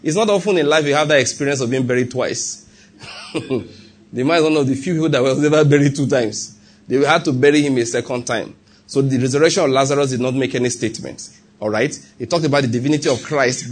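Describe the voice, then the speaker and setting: A man's voice: mid-range voice, quick pace, slight background noise. A man preaching a sermon as pastor, repeating his points and checking in with the congregation.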